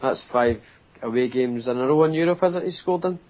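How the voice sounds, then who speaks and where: A Scottish man co-hosts a football podcast, talking in a plain and steady way. His voice sits in a middle range. The audio is muffled and lo-fi. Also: mid-range voice, a little fast. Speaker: podcast co-host. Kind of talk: casual football chat.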